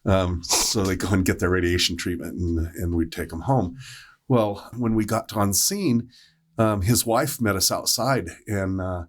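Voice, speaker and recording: A man's voice: deep voice, a little slow. A man who is a paramedic, telling a story on a podcast panel, rambling with lots of fillers and restarts.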